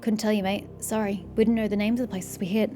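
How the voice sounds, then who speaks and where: A woman's voice: medium pitch, little pitch movement, fast talker, dark tone, a little hiss or hum, natural voice. A woman reading the lines of a remorseful male soldier in prison, blunt and swearing freely, with faint game music behind.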